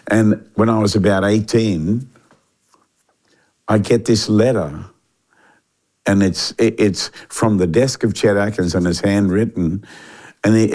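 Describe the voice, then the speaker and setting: Older man telling a story. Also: sits low. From Australia. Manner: animated anecdotal delivery with frequent fillers and restarts. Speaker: interview guest. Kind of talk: storytelling in a casual interview.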